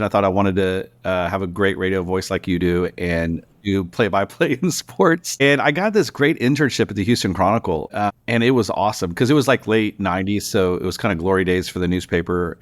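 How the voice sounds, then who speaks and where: Businessman in his forties, chatty and animated storyteller, podcast guest. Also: sits low. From Texas. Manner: animated storyteller, quick restarts. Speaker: guest, news publisher founder. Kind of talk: casual interview storytelling.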